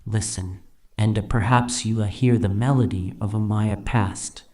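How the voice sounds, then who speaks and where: A man's voice: fairly low pitch, steady tone, measured pace, darkish tone, natural voice. A text-to-speech man's voice doing a wistful, poetic old man with a stereotyped Italian accent.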